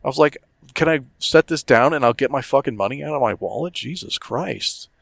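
A middle-aged podcast co-host tells a story as a profane, worked-up rant on a casual show. His mid-range voice is brisk and fairly bright with some vocal fry, and the recording is dry.

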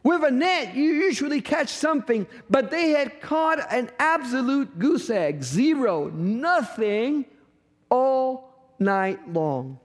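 A man's voice: extremely high pitch, very animated, takes it slowly. A middle-aged male pastor preaching a sermon, telling a story with humor and acting out bits of dialogue. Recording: long hall reverb.

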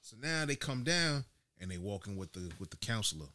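Animated storytelling man, bright voice. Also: on the low side, brisk. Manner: animated storytelling with laughs and slang. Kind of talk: casual chat.

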